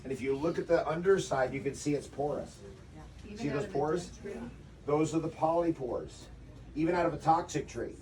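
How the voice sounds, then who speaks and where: A man's voice: fairly high pitch, moderate pace, a little mellow, far from the mic. A man leading an outdoor workshop, talking animatedly and acting out quotes with rhetorical questions. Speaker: workshop leader. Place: outdoors before a forest walk.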